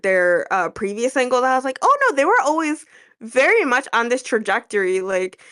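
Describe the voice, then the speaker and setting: A woman's voice: fairly high pitch, moderate pace. A woman with a stuffy, nasal voice from a cold, chatting animatedly and gushing as co-host of a music reaction video. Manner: animated, gushing, swearing freely. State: stuffy and a little sick. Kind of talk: casual reaction chat.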